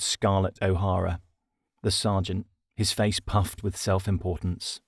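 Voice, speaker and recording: A man's voice: low voice, little pitch movement, measured pace, slightly rough, dry recording, clean studio sound. A man with a British accent narrating his comedy audiobook in a wry, self-deprecating way. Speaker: narrator and author.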